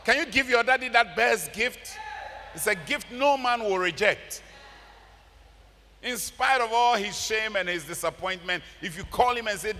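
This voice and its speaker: A man with a Ghanaian accent preaching a sermon, animated, breaking into laughter and shouts. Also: high voice, measured pace, big-room sound. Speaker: pastor. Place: large church.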